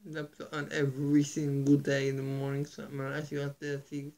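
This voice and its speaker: A man vlogging to his viewers in an earnest, halting, soft-spoken way, with a gravelly, husky voice. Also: medium pitch, monotone. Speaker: YouTuber. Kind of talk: casual vlog to camera.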